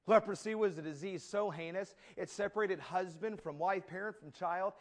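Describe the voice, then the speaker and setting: Guy preaching a sermon, pretty high voice, goes big and loud then soft, tells funny stories. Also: fairly quick, hardly any pauses. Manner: dramatic, swings from loud declaiming to soft asides; storytelling with folksy humor.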